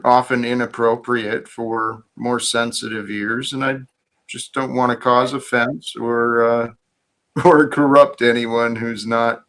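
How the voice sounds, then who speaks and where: Male livestream host, reflective and earnest, unhurried delivery, mid-range voice. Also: mid-range voice, fairly bright tone. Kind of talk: casual spiritual chat.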